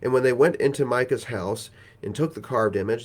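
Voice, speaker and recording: Guy reading bible passages then chatting about them, folksy and relaxed, medium pitch. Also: fairly quick. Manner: conversational, folksy retelling. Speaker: Bible teacher. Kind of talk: scripture reading with casual commentary.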